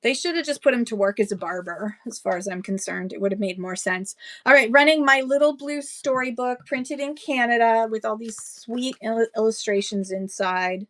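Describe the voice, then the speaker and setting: A woman's voice: on the high side, normal speed. Chatty woman selling books live. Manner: chatty, rambling asides, thanks buyers by name. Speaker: live-stream book seller. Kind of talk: casual live-auction selling chat.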